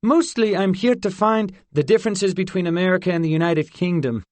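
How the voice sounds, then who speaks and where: A male narrator voicing a quick-witted boy who bluffs hastily to cover for a friend. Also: mid-range voice, animated, no room sound, lightly acted. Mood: bluffing. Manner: hasty, bluffing.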